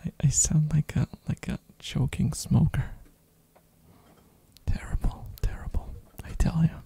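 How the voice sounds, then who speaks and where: An ASMR streamer rambling in a soft-spoken way, hoarse from a throat infection, with lots of fillers and little giggles, close on a binaural mic. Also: medium pitch, fairly even intonation, unhurried.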